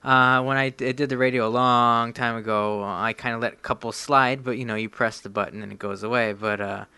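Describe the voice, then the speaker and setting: Bright, smooth-voiced man hosting. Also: mid-range voice, steady tone, a little fast, no room sound. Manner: rambling, self-deprecating, laughs often. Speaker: podcast host. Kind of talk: casual chat.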